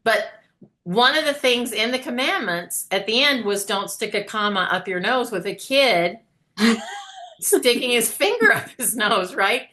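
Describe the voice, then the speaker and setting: A woman's voice: on the high side, animated, unhurried, pushed and bright. A woman teacher chatting casually, telling stories and laughing often. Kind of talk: casual conversation.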